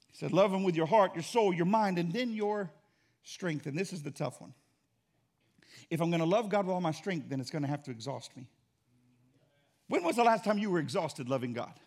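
A man with a high-pitched voice preaches a sermon from the pulpit. He builds his points through repetition and swings between loud, emphatic lines and quieter asides. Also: animated, brisk. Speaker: pastor. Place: church.

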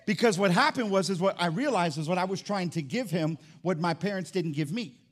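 A man's voice: high voice, fairly quick. A middle-aged man preaching a sermon in church as pastor, emphatic and repeating his key phrases.

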